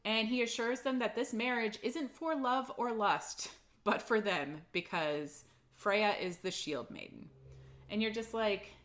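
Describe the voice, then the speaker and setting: A woman co-hosts a casual book-club podcast, loosely retelling the plot in a chatty recap full of "like" and the odd swear word. Her voice is a little high and a bit bright, and she speaks a little slowly.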